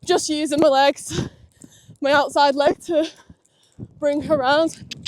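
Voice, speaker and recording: Young woman talking slowly while riding, keeps praising her horse, bit of faint outdoor noise. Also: high voice, steady tone. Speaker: equestrian vlogger. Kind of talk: casual commentary while riding. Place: outdoor riding arena at a stable yard.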